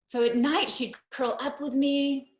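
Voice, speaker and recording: A woman telling a personal story live on stage, unhurried and wry, with deadpan asides. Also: high-pitched. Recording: roomy hall echo.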